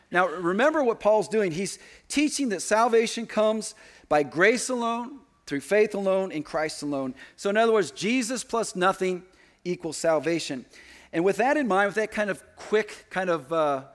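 A middle-aged man preaching a sermon as pastor in a church, talking conversationally with joking asides. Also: sits high. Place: church sanctuary.

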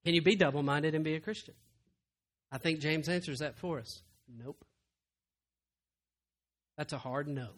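Impassioned pastor, high and bright. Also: male voice, normal speed, long pauses. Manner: impassioned, swinging from loud to hushed. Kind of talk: sermon. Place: church.

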